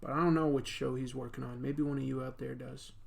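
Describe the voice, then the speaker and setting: Medium in pitch and steady in tone, this comics artist's voice is fairly quick and creaky. He hosts a casual art livestream, drawing as he rambles, jokes and fills gaps with fillers.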